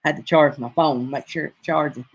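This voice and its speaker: A man's voice: a little high, steady tone, normal speed, vocal fry, breathy edge. A man in his fifties from North Alabama with a Southern accent, rambling folksily in a casual live-stream chat with his viewers. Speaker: livestream host.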